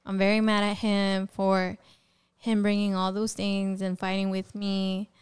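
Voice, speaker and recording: A young woman speaks as a podcast guest, her voice remarkably smooth and resonant. She tells her own story in a chatty, animated way, often jumping up in pitch to act out what she and others said. Her pitch sits in a middle range. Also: measured pace. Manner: animated storyteller who acts out quoted dialogue and fills with "like". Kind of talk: personal testimony in a conversational interview.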